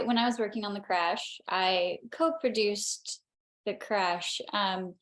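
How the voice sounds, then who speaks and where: Hesitant young woman in an echoey room. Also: mid-range voice. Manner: hesitant, many restarts and fillers, laughs often. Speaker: actor, interview guest. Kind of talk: casual interview answers. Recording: roomy echo.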